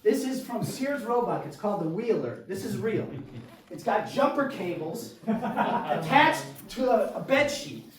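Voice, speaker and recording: A man doing solo stand-up storytelling on a theater stage, animated and acting out his family, sometimes shouting punchlines. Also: high-pitched, a little slow. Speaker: stand-up comedian. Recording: echoey room, voice from far off.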